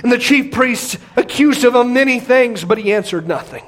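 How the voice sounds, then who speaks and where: A man's voice: extremely high pitch, expressive, normal speed, fairly bright tone. A male pastor preaching an expository sermon, emphatic, often repeating words and at times raising his voice.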